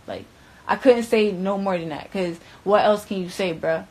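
A young woman recounting what happened in a loose, profane, rambling way, full of filler words, swinging between loud, animated bursts and hushed stretches. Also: medium pitch, fairly quick, a little hiss or hum, low-quality recording. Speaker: interviewee recounting events. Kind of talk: casual storytelling.

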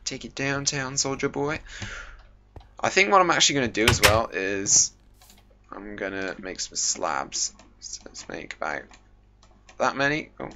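A man's voice: moderate pace, long pauses. Chatty young man gaming. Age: young adult. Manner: chatty and goofy, jokes to himself, lively pitch jumps. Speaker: gaming YouTuber. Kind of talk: casual gameplay commentary. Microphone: desk microphone. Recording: dull home mic with faint hiss.

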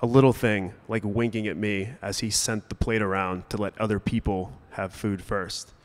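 Young adult male storyteller on a stage, easygoing delivery with comic timing and sharp bursts of emphasis. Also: on the low side, steady tone, normal speed, long reverb tail. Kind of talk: personal storytelling to a live audience. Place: stage at a brewery event.

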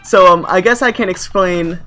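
Woman, speedrunner, live commentary, casual jokey chatter, lowish pitch. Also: moderate pace, a bit bright, soft background music. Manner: joking, casual, filler-laden chatter.

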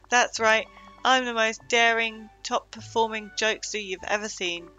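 A woman's voice: a little high, fairly even intonation, takes it slowly, pushed and bright, soft background music, low-quality recording. Mike Wazowski, read by a woman as a defensive little monster. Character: anxious male one-eyed monster, self-styled talent. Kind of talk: reading game dialogue aloud.

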